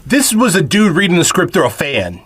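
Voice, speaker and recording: A man's voice: high voice, wildly swooping pitch, fairly quick, a bit bright, husky. A man co-hosting a podcast, chatting casually about a film and tossing in wry jokes. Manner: wry, joking asides. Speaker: podcast co-host. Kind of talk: casual chat reviewing a film.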